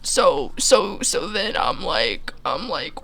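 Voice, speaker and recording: A man's voice: high voice, very animated, takes it slowly, vocal fry, sharp tone. A man telling an absurd comic story in a rambling way, with many restarts. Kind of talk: comedic storytelling.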